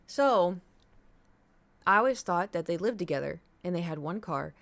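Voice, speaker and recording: A woman streaming live, telling a rambling story to her chat in a casual, animated way. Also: on the low side, normal speed, creaky, pauses often. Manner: chatty, rambling, animated retelling.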